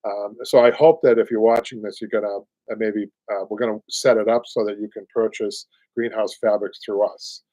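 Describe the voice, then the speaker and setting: A man's voice: on the low side, steady tone, normal speed, hardly any pauses, warm tone, dry recording. A man in his late fifties with a Boston accent, hosting a live upholstery show in a rambling, chatty way full of fillers and little chuckles. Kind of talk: casual live-stream chat.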